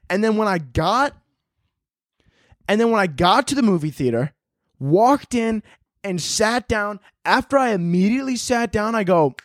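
A young man hosting a casual solo podcast, ranting in an animated, sarcastic way and swearing often. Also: high voice, moderate pace, no room sound, clean studio sound. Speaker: podcast host.

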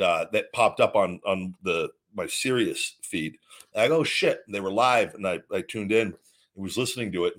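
A man's voice: fairly low pitch, fairly bright tone. Blunt, profane man telling a story. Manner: quotes others in retold dialogue. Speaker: host. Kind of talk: casual solo talk.

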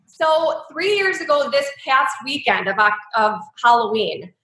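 Interviewed as a guest, a woman in her thirties tells her own story candidly and emotionally, peppering her speech with likes and ums. Her bright, forward voice sits a little high, with a sing-song, slightly slow delivery in a room that rings with echo.

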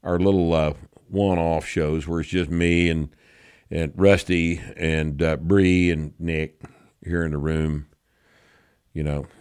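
A man with a very low voice talks as a podcast host, blunt and sure of his opinions, swearing casually. The sound is close and dry with no room around it. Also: steady tone, slow pace, a little mellow, smooth, dry recording. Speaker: show host.

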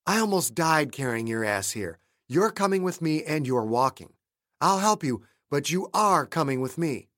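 A man's voice: on the high side, very animated, normal speed, fairly bright tone, dry recording, studio quality. A man voicing an exhausted, determined young woman who speaks firmly and insistently. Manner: firm, insistent.

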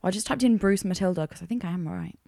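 A woman co-hosting a true-crime podcast, blunt and quick with exclamations and swears. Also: lowish voice, gravelly, mellow, no echo, clean studio sound. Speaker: podcast co-host.

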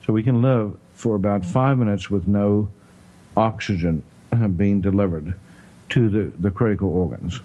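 South african guy talking health, low mellow voice, lots of you knows, kinda dull lo-fi sound. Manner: halting, full of "you know" and throat clearing. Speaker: health talk host. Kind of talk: casual explanatory chat.

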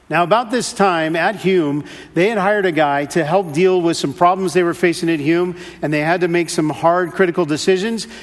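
High-voiced man preaching in a reverberant hall. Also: normal speed. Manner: earnest storytelling, repeats words, rising exasperation. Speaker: pastor. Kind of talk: sermon with personal story.

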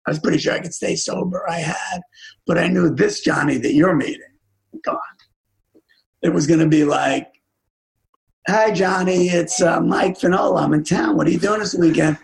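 An older man, a guest on a talk show, telling an emotional personal story in an intimate way, often dropping to a hushed, tearful half-whisper. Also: high-pitched, normal speed, gravelly, poor audio. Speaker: podcast guest, music agent.

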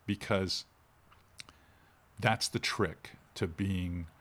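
A middle-aged man, a fishing instructor talking in a casual interview with animated, shifting inflection. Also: deep voice, extremely slow.

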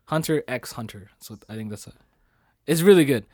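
Man, casual podcast chat, slangy and laid-back, mid-pitched voice, dry close sound. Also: expressive, brisk, dark tone, dry recording.

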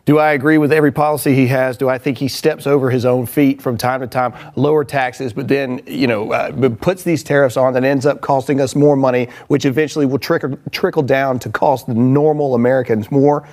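Measured male guest weighing both sides. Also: mid-range voice, steady tone, darkish tone. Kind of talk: casual political chat.

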